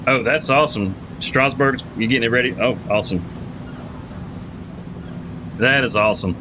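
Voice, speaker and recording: A man's voice: mid-range voice, normal speed, background noise. A man streaming a farming game live, chatting casually with viewers, greeting them by name and thinking aloud with lots of repeated words. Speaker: livestreamer playing a farming game.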